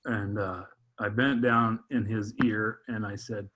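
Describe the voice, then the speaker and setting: A man on a podcast, telling a heartfelt personal story in a halting way, full of restarts and repeated words. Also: on the low side, little pitch movement, a bit bright. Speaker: podcast guest, father. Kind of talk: heartfelt personal testimony in conversation.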